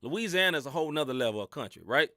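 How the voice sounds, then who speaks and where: A man's voice: fairly high pitch, expressive, rapid-fire, sharp tone, no echo, studio quality. A man from the Mid-South with a Southern accent, co-hosting a casual sports podcast with slangy, laughing banter. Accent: Southern American. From Mid-South United States. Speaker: podcast co-host.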